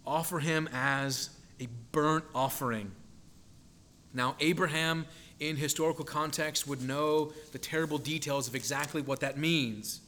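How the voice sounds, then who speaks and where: A man's voice: fairly high pitch, fairly bright tone. A man preaching a sermon in an earnest, emphatic way, building dramatic tension when he quotes scripture.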